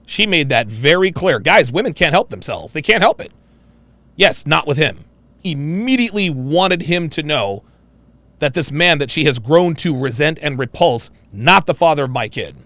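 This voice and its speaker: A man's voice: a little high, lively intonation, moderate pace, fairly bright tone, no echo. A man giving mocking, emphatic reaction commentary on a played clip.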